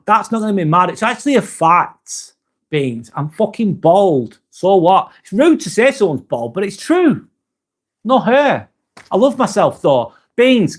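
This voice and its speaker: Chatty man reading live chat. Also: high voice. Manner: reads viewer comments aloud, swears casually, chatty.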